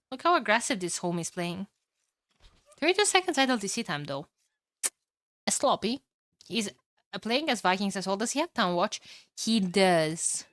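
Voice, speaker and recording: A young woman with a Romanian accent casting a live strategy game match and chatting with her viewers, excitable and casual, with sudden loud exclamations and the odd curse. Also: medium pitch, dry recording. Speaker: streamer casting games. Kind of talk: live game commentary and chat reading.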